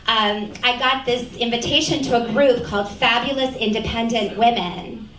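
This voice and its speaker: A middle-aged woman doing a stand-up comedy set in a comedy club, with a dry, deadpan delivery that acts out dialogue. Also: a little high, moderate pace, a crowd in the background. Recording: echoey club, captured from a distance. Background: audience laughter.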